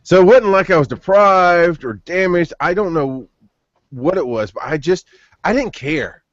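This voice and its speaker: A man in his thirties hosts a podcast, rambling through long personal stories in casual chat and restarting often. His voice is high and expressive at a measured pace. The lo-fi audio sounds dull, with no room sound.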